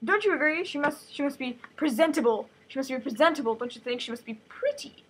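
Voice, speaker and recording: A woman's voice: high voice, fast, a bit bright, poor audio. A woman voicing a gloating, sinister older sister with a haughty, sing-song manner.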